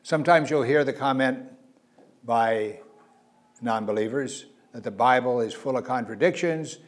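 Male preacher, mid-pitched, earnest sermon delivery with loud emphatic peaks and soft asides. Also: unhurried. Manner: earnest, varies loudness for emphasis, frequent uh fillers.

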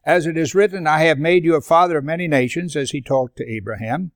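A man's voice: a little high, fast, dry recording, studio quality. An older man leading a Bible study in a sermon style, reading scripture aloud between conversational asides.

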